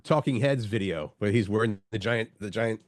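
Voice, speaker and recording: A man's voice: fairly low pitch, no room sound, clean studio sound. A man co-hosting a morning show in casual chat, his nose stuffed up from a cold. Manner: easygoing, chatty, fast-talking. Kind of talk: casual radio-style chat.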